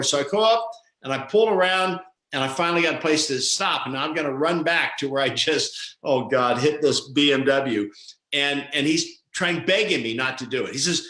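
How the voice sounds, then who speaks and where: Animated bright-voiced male storyteller. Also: on the high side, normal speed, echoey room. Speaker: co-host. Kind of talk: casual talk show storytelling.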